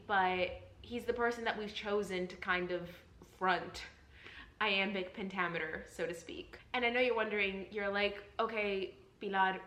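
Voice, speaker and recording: A woman's voice: mid-range voice, a bit bright, a little hiss or hum. Earnest young woman teaching, roomy sound. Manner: earnest, encouraging, repeats reassurances. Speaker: actor teaching Shakespeare. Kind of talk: enthusiastic explanatory vlog lesson. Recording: roomy echo.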